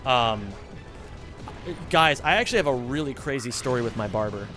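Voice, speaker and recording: His voice is mid-range, animated, and fairly bright, moving at a normal speed. He's a young man from the United States chatting through a game livestream with background music, rambling on, cursing freely, and saying "like" over and over.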